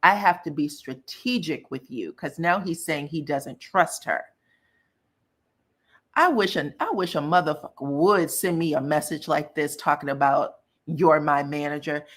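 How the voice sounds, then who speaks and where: Woman, young adult, casual commentary, sassy, blunt, lowish voice. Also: a little slow. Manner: sassy, blunt, cusses freely. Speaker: pop culture commentary host.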